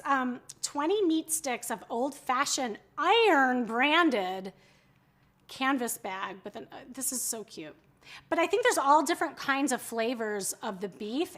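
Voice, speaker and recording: A woman's voice: high-pitched, a bit bright. A woman, hosting a live shopping stream in casual, chatty talk, often giggling and breaking off mid-sentence. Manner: chatty, giggly, self-interrupting. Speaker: livestream shopping host. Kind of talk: casual live-selling chat.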